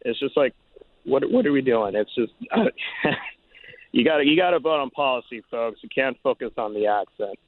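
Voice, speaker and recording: A man calling a radio show, halting and exasperated. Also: medium pitch, lively intonation, no echo. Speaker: caller. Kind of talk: call-in opinion. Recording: phone line.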